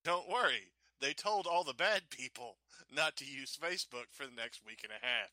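A man co-hosting a casual podcast, delivering sarcastic jokes in a deadpan way. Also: mid-range voice, normal speed, no echo. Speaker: podcast co-host. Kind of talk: casual chat.

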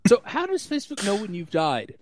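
A man's voice: sits high, wildly swooping pitch, brisk, a little hiss or hum. Wry man hosting a tech podcast. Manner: sardonic, laughs often, reads news items aloud. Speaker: podcast host. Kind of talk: casual tech podcast chat.

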